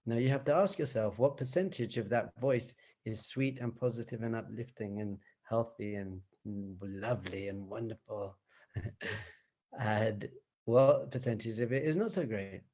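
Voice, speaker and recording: Animated man teaching, chuckling often. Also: medium pitch, moderate pace, lo-fi sound. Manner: animated, chuckles often, asks rhetorical questions. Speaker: rabbi teaching meditation. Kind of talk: conversational teaching talk.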